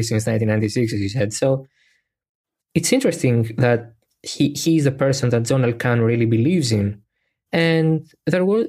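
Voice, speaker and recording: Podcast host, mid-pitched voice, casual and halting. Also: darkish tone. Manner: hesitant, many restarts and fillers. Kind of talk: casual chat.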